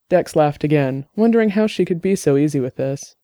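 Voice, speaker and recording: A man's voice: a little high, lively intonation, fairly quick, hardly any pauses, warm tone, no room sound, studio quality. A man narrating a novel in a podcast, reading steadily and evenly. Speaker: audiobook narrator.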